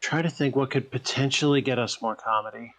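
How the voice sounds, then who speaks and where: A man's voice: mid-range voice, a little fast, a bit bright. A man co-hosting a game livestream, talking in a laid-back, dry way. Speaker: game streamer. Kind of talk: casual let's-play chat.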